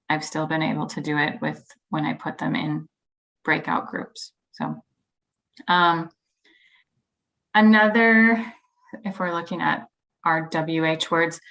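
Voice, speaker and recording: Bright low-voiced woman leading a workshop. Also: rough recording. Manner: friendly explanatory, many ums, models sample sentences. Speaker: teacher trainer leading a workshop. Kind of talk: online teacher-training workshop.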